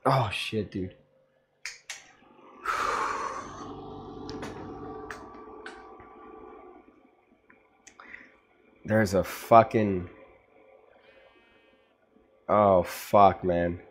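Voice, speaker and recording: Man, casual vlog chat, swearing, excitable, unhurried, faint noise behind. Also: sits low. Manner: swearing, excitable, laughs loudly. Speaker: vlogger.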